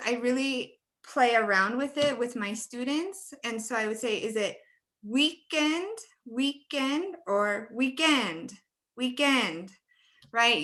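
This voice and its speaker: A woman's voice: on the high side, pushed and bright. A woman presenting a webinar training for teachers, friendly and laughing often as she demonstrates word stress.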